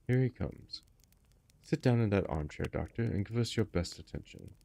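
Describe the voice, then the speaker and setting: A brisk, self-assured detective, read by a man for a storybook. He gives orders briskly in a deep, gravelly voice with a husky edge. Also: animated, dark tone. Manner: brisk, commanding. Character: brisk, confident male detective.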